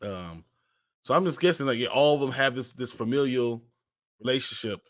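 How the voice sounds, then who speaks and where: A man in a casual podcast recap. His voice is of middle pitch. He talks loosely, often stalls with fillers, and hunts for the right word. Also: moderate pace, fairly bright tone, no room sound, clean studio sound. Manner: hesitant, searches for words. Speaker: podcast co-host.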